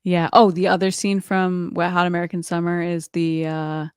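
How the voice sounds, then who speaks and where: This woman co-host speaks low, slightly mellow, clear and resonant, with flat delivery at normal speed. Her casual podcast talk is chatty, with frequent "like" and playful quoted voices. The recording is dry and studio-clean.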